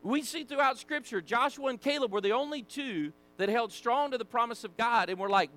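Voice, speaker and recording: A man with a Southern American accent teaching a Sunday school lesson, folksy and animated, acting out the people in the story. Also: very high voice, a little fast. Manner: animated, acts out voices, folksy asides. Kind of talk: casual Bible teaching.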